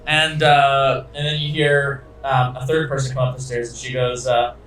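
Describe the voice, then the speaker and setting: A man's voice: medium pitch, little pitch movement, normal speed, background noise. A man narrating a tabletop game as game master, rambling with many fillers. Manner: rambling, many uhs and likes, laughing. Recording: echoey room, far from mic.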